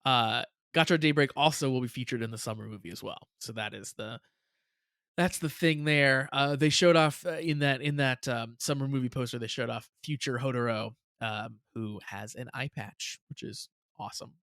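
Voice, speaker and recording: A man's voice: medium pitch, normal speed, no room sound. A man with a mid-range voice chats casually as a reaction show co-host, laughing easily and retelling scenes with energy. The recording is dry and close, with no room sound. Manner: chatty, laughs often, animated retelling. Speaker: podcast co-host.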